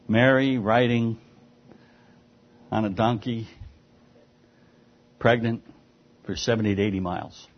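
A man preaching a sermon, lively and emphatic, often restarting his words. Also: fairly low pitch, slow pace, long pauses. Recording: dull lo-fi sound.

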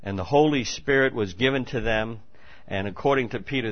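A man preaching a sermon, moving between hushed asides and loud, emphatic declarations. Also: mid-range voice, fairly quick, dull audio. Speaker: pastor.

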